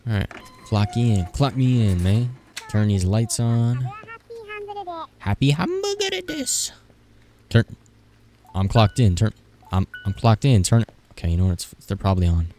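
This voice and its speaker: A man's voice: lowish voice, moderate pace, warm tone, faint music behind. A young man in his twenties doing casual, frantic gameplay commentary, swearing and joking to himself as he plays. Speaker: gaming streamer.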